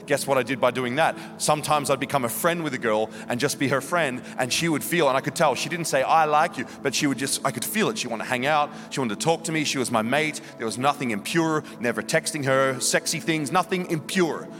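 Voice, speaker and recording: A man's voice: mid-range voice, a little fast, hardly any pauses. Impassioned man preaching in a reverberant hall. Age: 30s. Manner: impassioned, confessional, swings from quiet to loud. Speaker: guest preacher. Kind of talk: sermon. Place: church hall.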